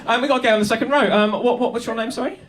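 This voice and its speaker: A young man doing high-energy stand-up comedy in a small club, chatting with the crowd and laughing often. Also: steady tone, rapid-fire, a bit bright. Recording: live club recording with audience. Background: audience laughing and applauding.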